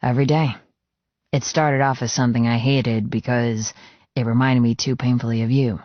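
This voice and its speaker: A man voicing a brooding, possessive biker president in a suit, speaking low, intimate and teasing. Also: steady tone, moderate pace, dry recording, natural voice. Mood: earnest. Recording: dull, lo-fi dry studio read.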